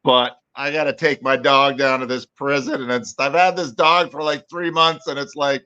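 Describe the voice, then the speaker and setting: Male, casual and jokey, quick to laugh, dull call sound. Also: medium pitch, steady tone, sharp tone, clear, resonant tone. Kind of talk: casual chat.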